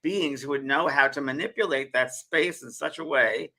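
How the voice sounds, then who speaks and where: A man's voice: mid-range voice, normal speed, pushed and bright. A man co-hosting a casual spiritual chat show, musing aloud and often repeating and restarting his words. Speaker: co-host.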